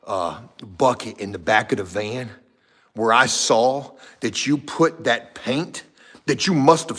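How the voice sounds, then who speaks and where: A man vlogging about his painting job, telling a story in a casual, profane, animated way, going from shouts down to mutters. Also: fairly high pitch. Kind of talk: casual storytelling to a live chat.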